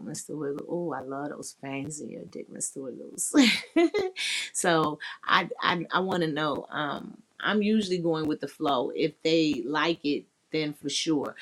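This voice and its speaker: Blunt, frank woman with a low voice. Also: fairly bright tone. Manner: blunt, explicit, candid and playful. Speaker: podcast host. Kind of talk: frank casual live chat.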